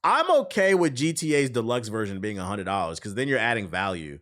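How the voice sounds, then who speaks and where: A man's voice: fairly low pitch, brisk, a little hiss or hum. A man hosting a live stream, reacting in a casual, profane and exasperated rant. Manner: animated, profane, exasperated ranting. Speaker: streamer and host.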